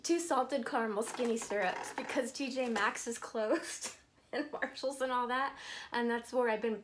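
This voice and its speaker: A woman's voice: fairly high pitch, slight background noise. A woman vlogging casually as she unboxes gifts, gushing and emotional, at times tearful. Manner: slow, drawn-out delivery. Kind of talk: casual chat to camera.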